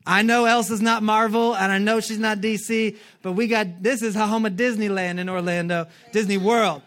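A male pastor preaching to his congregation in an animated, joking way. His voice sits a bit high for a man, and he slips into quick impressions as he goes. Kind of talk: sermon.

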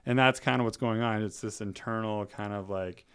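Low, smooth-voiced man, rambling casually. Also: normal speed. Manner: relaxed, rambling, many "like" fillers. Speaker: podcast co-host, former volleyball player and coach. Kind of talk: casual chat.

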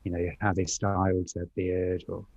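A man with a polished upper-class English accent talks in a fairly low voice. He tells personal stories in a candid, reflective way. His talk is loose and unscripted, full of little pauses and fillers. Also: monotone, darkish tone, muffled recording. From United Kingdom. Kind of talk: casual chat, storytelling.

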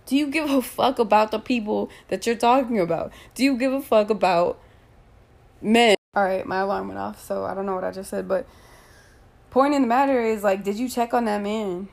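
A woman delivering an angry, profane rant full of rapid rhetorical questions. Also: mid-range voice, steady tone, gravelly, darkish tone.

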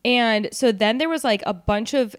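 A woman's voice: a little high, moderate pace, clear, resonant tone, dry recording, clean studio sound. A woman hosting a casual chat, reading out stories in a loose, joking way with fillers and asides. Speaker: podcast host.

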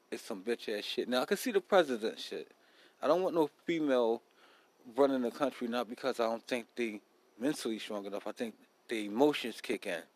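A man's voice: medium pitch, rough recording. A man hosting a casual solo podcast, talking bluntly in a profane, rambling street style. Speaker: podcast host.

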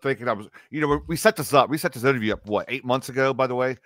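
A man's voice: medium pitch, rapid-fire, a bit bright, no echo. A man hosting a podcast in casual chat, joking and swearing with guests. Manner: joking, swears, laughs often. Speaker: podcast host.

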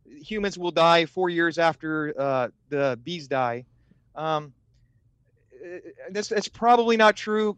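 Guest beekeeper, man, slightly high voice, halting with fillers, dry sound. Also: a bit bright, no room sound. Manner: hesitant, many filler words. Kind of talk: casual podcast chat.

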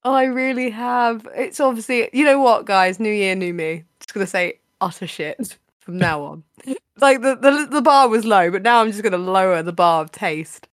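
A woman's voice: mid-range voice, normal speed, no echo, studio quality. A woman hosting a podcast, chatting casually with her co-host in a playful, teasing way, laughing often.

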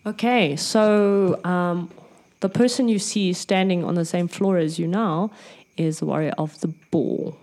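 A woman game master runs a tabletop role-playing session, her voice sitting a little low. She lays out the rules plainly and patiently for her players. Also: fairly even intonation, unhurried, hardly any pauses, darkish tone.

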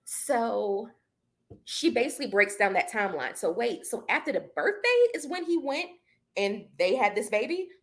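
A young woman co-hosting a podcast, talking through celebrity gossip in a casual, expressive, slangy way. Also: on the high side, normal speed. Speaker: podcast co-host.

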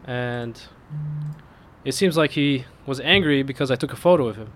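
A man's voice: normal speed, a little hiss or hum. A man telling a funny personal story in a casual chat, breaking into laughter as it builds. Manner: laughs through the punchline, voice climbs high with excitement.

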